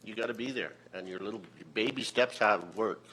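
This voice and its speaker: A man's voice: fairly low pitch, fairly quick, sharp tone. A man from Alberta speaking as a county councillor in a council debate, plainspoken and earnest, repeating his points. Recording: faint hum under the voice.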